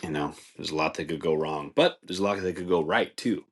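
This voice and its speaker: A man with a low, deep voice, talking loosely and at length as a podcast host. He rambles in a laid-back way, leans on filler words, and chuckles at his own remarks. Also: fairly quick, slightly rough. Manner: rambling, laid-back, says "dude" and "like" a lot, laughs at his own jokes. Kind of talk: casual comedic monologue.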